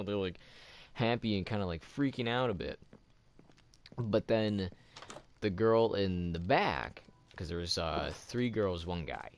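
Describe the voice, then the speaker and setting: A man's voice: fairly low pitch, expressive, a little slow. A man hosting a let's play, chatting casually and rambling loosely as he tells a long story. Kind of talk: casual chat while gaming.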